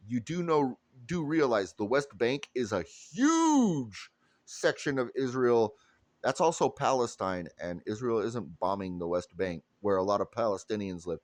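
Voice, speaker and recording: Man, mid-pitched, blunt and profane, delivering a heated political rant in a dry, close recording. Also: big pitch swings, unhurried, no room sound. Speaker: political commentator. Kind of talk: ranting monologue to camera.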